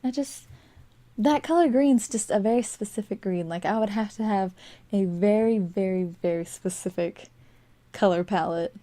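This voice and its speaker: A chatty young woman with a mellow, mid-range voice gives casual voice-over commentary while building in a game, speaking at a moderate pace into a desk microphone. She's a game building vlogger who rambles with frequent fillers and little laughs, sleepy and yawning.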